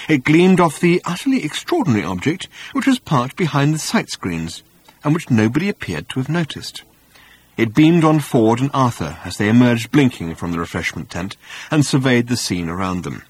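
A man narrating an audiobook with wry, animated storytelling, recorded on a close studio mic. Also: medium pitch, moderate pace, slightly rough, no echo.

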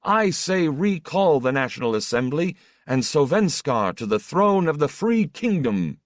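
A man's voice: on the high side, sing-song, a little slow, no echo, clean studio sound, pitched above the performer's own voice. A man voicing a male orator declaiming to a crowd in a big, slurring voice. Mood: rousing.

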